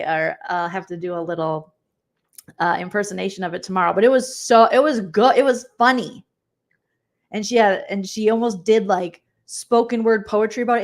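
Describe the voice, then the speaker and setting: A woman hosting a casual livestream recap, chatty and rambling, often acting out quotes. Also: medium pitch. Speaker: host.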